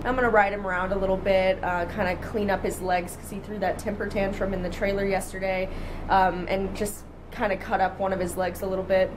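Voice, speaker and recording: A woman's voice: medium pitch, noisy background. A young woman filming a casual travel vlog, chatty and tired, swearing freely. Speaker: vlogger. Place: in a car and at a horse stable.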